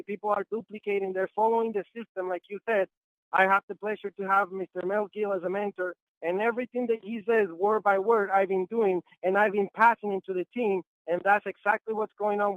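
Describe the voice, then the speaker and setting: A man's voice: sits high, no echo. Upbeat man on a tinny phone line. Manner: enthusiastic, repetitive. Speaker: guest sales leader on a conference call. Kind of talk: phone-in conference call testimonial. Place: Los Angeles.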